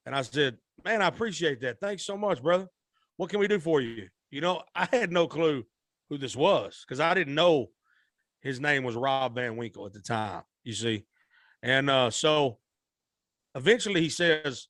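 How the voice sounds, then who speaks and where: Man, rambling folksy storyteller, higher pitch, dry sound. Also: lively intonation, normal speed, a bit bright, no room sound. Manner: rambling, repeats and restarts, Southern-style folksy speech. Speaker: musician guest. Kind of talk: storytelling in a podcast interview.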